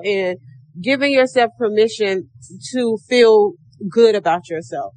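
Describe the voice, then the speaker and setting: Woman podcast host, middle-aged, AAVE, croaky tone, pitched a bit high, motivational and chatty. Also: expressive, normal speed, dry recording. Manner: encouraging, calls listeners baby and sis; acts out her own thoughts in a higher voice. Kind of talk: casual motivational podcast talk.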